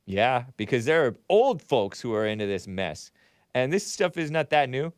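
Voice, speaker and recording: A man's voice: medium pitch, big pitch swings, moderate pace, no room sound, clean studio sound. A male show host giving rambling, sarcastic commentary, chuckling between remarks as he reads from a chat.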